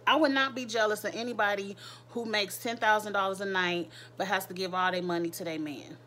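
A woman's voice: mid-range voice, fairly even intonation, fairly quick, fairly bright tone, a little hiss or hum. A woman giving a casual, candid recap of a reality show, speaking in with crude slang and laughing asides.

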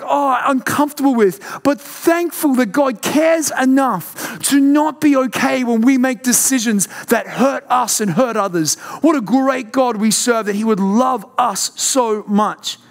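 A young pastor preaches to his church in a high, bright-toned voice. He pushes up into loud outbursts, then drops to quiet, searching questions. It is a passionate, heartfelt sermon. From Australia.

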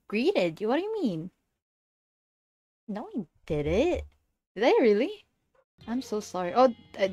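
A woman's voice: medium pitch, sing-song, unhurried, pauses often, a little mellow, no room sound, soft background music. A young adult woman on a casual livestream. She greets viewers, giggles often, and stumbles over repeated words.

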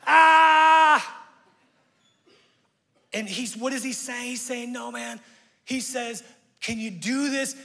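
A man preaching a sermon as pastor, conversational and energetic, leading the congregation in call-and-response. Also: high-pitched. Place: church sanctuary. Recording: reverberant church hall.

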